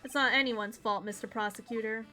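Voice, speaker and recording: A woman's voice: a little high, fairly even intonation, a little fast, pushed and bright. Woman reading a stern, proud male agent. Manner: reading game dialogue aloud.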